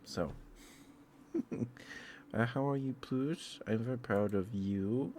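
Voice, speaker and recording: A sleepy man talks softly in a soft-spoken ASMR chat, his voice sitting a little low. He is gentle and affectionate, yawning between kind words for his viewers. A steady hiss of noise sits behind him. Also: slow, pauses often. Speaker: ASMR streamer chatting with viewers.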